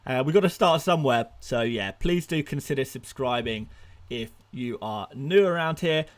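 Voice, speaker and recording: A young man hosting a live stream, firing off rapid answers to viewer questions, excitable and laughing often, out of breath at times. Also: mid-range voice. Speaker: fantasy football streamer.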